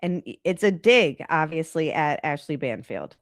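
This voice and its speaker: A woman's voice: low voice, big pitch swings, normal speed, no echo, clean studio sound. A congested woman hosting a true crime channel, talking in a chatty, rambling, exasperated way. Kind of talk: casual commentary on a live stream.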